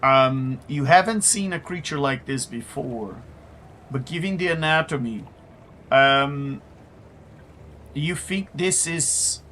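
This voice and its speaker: Male game master, slow and halting, slightly high voice, faint background hiss. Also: fairly bright tone. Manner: halting, many fillers. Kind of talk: narrating a tabletop game.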